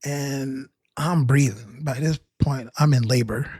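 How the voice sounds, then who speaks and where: A man's voice: medium pitch, slow pace, a little mellow, slightly rough, dry recording, clean studio sound. A man telling a rambling, self-mocking comic story about his own experience. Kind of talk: humorous personal storytelling.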